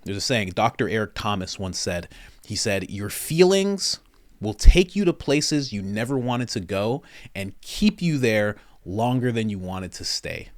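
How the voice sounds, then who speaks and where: A man's voice: fairly low pitch, sing-song, measured pace, dry recording, studio quality. A man hosting his own commentary show, ranting emphatically and repeating phrases for stress. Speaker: commentary channel host. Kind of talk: casual opinion commentary.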